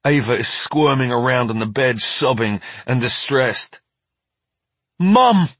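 Husky-voiced male audiobook narrator. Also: medium pitch, steady tone, measured pace, fairly bright tone, no echo. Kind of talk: first-person scripted narration.

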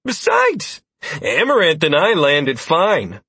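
Man doing a cocky rogue, bouncy and high, husky and close, for an audiobook. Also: huge pitch swings, slow, bright, forceful tone, no echo, full character voice. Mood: smug. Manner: chuckling, smug. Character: cocky young male rogue, playful.

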